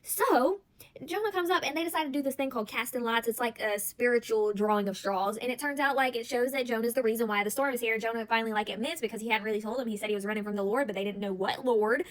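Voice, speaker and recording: A woman retelling a bible story in a chatty, animated way, with casual storytelling and lots of "like". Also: fairly high pitch, quick pace. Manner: chatty and animated, heavy use of "like". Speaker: bible study vlogger.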